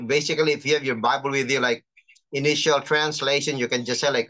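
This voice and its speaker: A chaplain teaching an online class, patiently explaining and reading out terms slowly over a video call. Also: medium pitch, fairly even intonation, sharp tone. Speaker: chaplain and lecturer.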